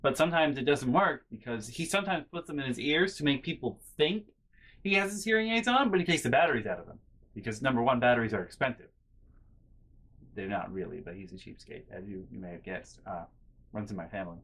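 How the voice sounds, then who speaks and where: A man's voice: medium pitch, animated, fast talker. Rambling young man telling a story. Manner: rambling, self-interrupting with fillers and restarts; drops to quiet muttered asides. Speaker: vlogger. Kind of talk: casual storytelling.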